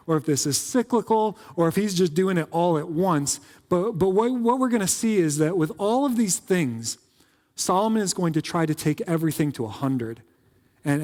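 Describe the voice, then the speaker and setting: A man preaching in a church, his voice sitting a little high and trailing off into a long reverb. He talks casually, tossing in jokes and quick asides as pastor. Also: a little mellow. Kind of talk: conversational sermon. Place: church sanctuary.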